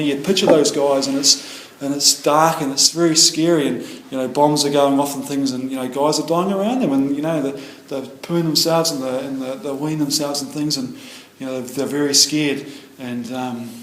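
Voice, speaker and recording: A middle-aged man with a New Zealand accent shares his personal story at a recovery meeting. He talks quickly in a slightly high voice, rambling along with many fillers and restarts. The room is echoey, with a faint hum of noise behind him. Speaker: AA meeting speaker.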